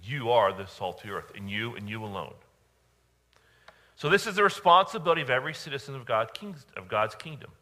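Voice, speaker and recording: A male pastor preaching a sermon, emphatic, with dramatic pauses and repeated phrases. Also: medium pitch, animated, pushed and bright. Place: church.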